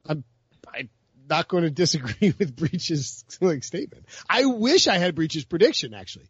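A man hosting a casual sports betting chat, talking quickly with frequent restarts and laughs. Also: on the high side, big pitch swings, fairly bright tone, husky, dry recording, highs cut off. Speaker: podcast host.

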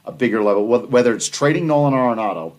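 A man co-hosting a casual sports talk show, analytical and animated, laughing easily. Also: medium pitch, fast. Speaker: podcast co-host.

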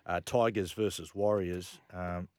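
Animated man telling stories. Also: low voice, unhurried, clean tone, no echo. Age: middle-aged. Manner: animated storyteller, laughs through his anecdotes. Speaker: radio host. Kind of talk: casual radio chat.

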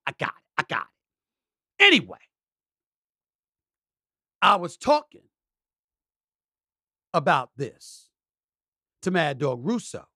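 A man's voice: mid-range voice, pushed and bright, no room sound, studio quality. A man hosting his own sports talk show, talking in a boisterous, emphatic way and repeating phrases for effect. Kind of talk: solo talk show monologue.

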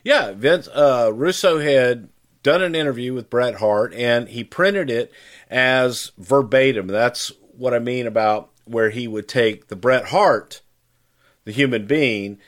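A man's voice: medium pitch, slow pace. Blunt, emphatic middle-aged man. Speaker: podcast co-host recalling his career. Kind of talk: casual podcast conversation.

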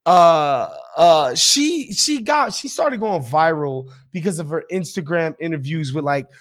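A man's voice: a little high, lively intonation, unhurried, a bit bright. A man hosting a podcast, talking bluntly and animatedly, with plenty of swearing. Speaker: podcast host. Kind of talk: casual opinionated chat.

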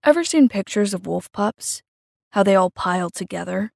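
A shy, earnest teenage vampire boy, read by a woman confides in a hushed, halting way. The voice has a gravelly edge. It sits close and dry, with no room sound. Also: mid-range voice, lively intonation, dry recording. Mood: confiding. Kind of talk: audiobook-style fiction reading.

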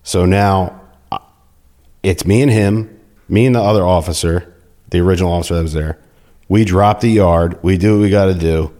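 A deep-voiced middle-aged man recounting his days as a prison officer in a casual interview. He talks bluntly, swears constantly and acts out the arguments he had with other officers. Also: normal speed, pauses often. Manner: blunt, heavy swearing, animated retelling with quoted dialogue.

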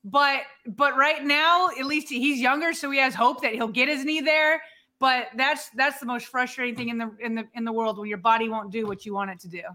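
A woman's voice: high voice, fairly even intonation, a little fast, pushed and bright. A woman co-hosting a sports podcast, chatting casually and building up her questions to a guest. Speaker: podcast co-host.

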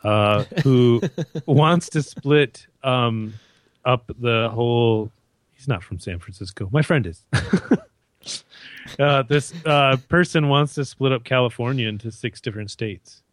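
A man's voice: medium pitch, a little slow, no echo. A Canadian man co-hosting a podcast, rambling and joking with lots of fillers and restarts. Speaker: podcast co-host. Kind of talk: casual chat.

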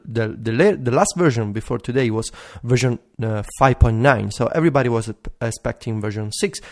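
A man with a medium-pitched, slightly mellow voice speaks with an Italian accent, being a native Italian speaker. He co-hosts a podcast in casual chat, eager and easygoing, and he laughs easily.

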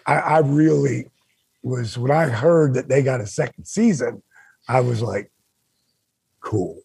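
An older man hosting a talk show, telling stories in an animated way and acting out the quotes. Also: measured pace, gravelly, breathy edge, dry recording. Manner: acts out quotes with big pitch jumps. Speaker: podcast host telling stories. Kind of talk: animated storytelling.

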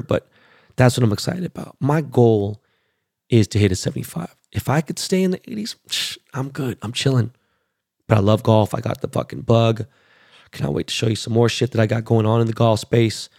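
A man in his forties from Los Angeles, ranting about sports in a blunt, profane, excitable way as a show host. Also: medium pitch, a little fast, no echo, clean studio sound. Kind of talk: casual sports rant.

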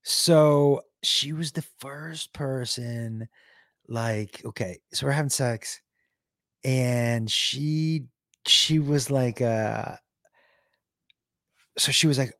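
A man hosting a livestream, telling a story to his chat in a casual, halting way full of restarts and fillers. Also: mid-range voice, a bit bright, no echo, studio quality. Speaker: livestream host.

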